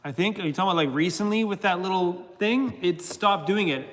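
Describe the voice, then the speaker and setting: A middle-aged man chats loosely on a livestream, reading out member names and laughing often. His voice sits a little high for a man, and a long reverb trails his words. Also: a little fast, fairly bright tone. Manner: chatty, laughs often, talks to his dog. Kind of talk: casual livestream chat.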